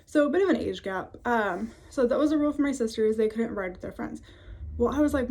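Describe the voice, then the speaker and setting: A woman's voice: a little high, expressive, brisk, warm tone. Chatty young woman vlogging. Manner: chatty, many fillers, laughs often. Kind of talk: casual storytelling to camera. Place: home office, indoors.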